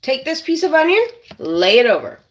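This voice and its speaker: On a low-quality recording, a cooking channel host talks at normal speed in a high, very animated voice. She chats with viewers during a casual kitchen demonstration and keeps calling them "you guys."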